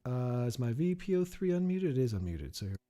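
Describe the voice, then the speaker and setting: A man's voice: mid-range voice, sing-song, a little fast, warm tone. A man showing off his home basement studio gear, rambling and thinking aloud with lots of fillers. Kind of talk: casual gear demo. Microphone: main studio mic.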